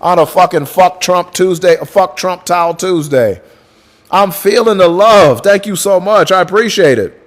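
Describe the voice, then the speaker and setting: A livestream host with a high-pitched voice chats casually at a normal speed, swearing freely and hyping up his viewers as he thanks each by name. Every so often he breaks into crooning lines of song.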